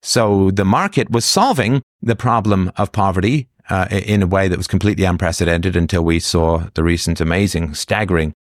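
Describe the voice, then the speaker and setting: Low-voiced male commentator, dry close sound, lecturing with rhetorical questions. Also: brisk, hardly any pauses, no echo. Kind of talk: solo political monologue.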